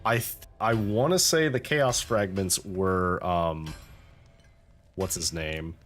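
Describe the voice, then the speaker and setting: Low-voiced man narrating his gameplay. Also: takes it slowly, soft background music. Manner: relaxed thinking aloud, wry asides. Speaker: let's-play host. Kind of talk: casual gameplay commentary.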